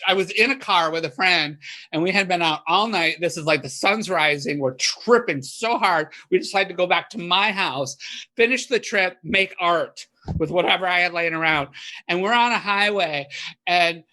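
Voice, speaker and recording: A woman guest on a podcast, chatting casually and telling animated stories that she acts out in loud bursts. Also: lowish voice, moderate pace. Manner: animated storyteller, voices her past panic in loud bursts. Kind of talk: casual chat, storytelling.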